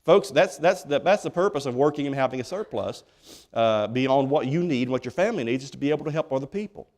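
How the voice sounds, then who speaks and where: Speaking quickly with lively intonation, this pastor has a medium-pitched, slightly mellow voice. His church sermon is folksy and forceful, full of repeated starts.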